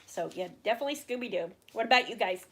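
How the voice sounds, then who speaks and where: A middle-aged woman hosts a relaxed livestream, reading out viewers' questions and answering them at length. Her voice sits a little on the high side. She rambles through fillers and restarts and speaks openly about her feelings. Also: fast talker, breathy edge. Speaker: livestream host. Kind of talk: casual livestream chat answering viewer comments.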